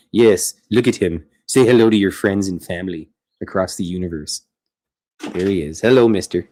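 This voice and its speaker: A man's voice: sits low, normal speed, warm tone. A man hosting a casual livestream from his home art studio, chatting while he draws, rambling and cutting himself off mid-sentence. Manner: rambling, self-interrupting, chatty. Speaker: streamer host.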